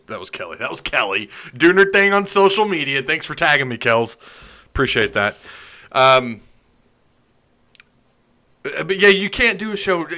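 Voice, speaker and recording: A man's voice: mid-range voice, sharp tone. A man hosting a live stream, chatting casually, reading comments and joking sarcastically.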